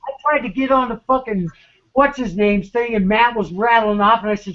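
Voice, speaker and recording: A man's voice: very high voice, moderate pace, highs cut off. A man in an online voice chat, ranting with urgent, profane, stammering repetition. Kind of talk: agitated rant.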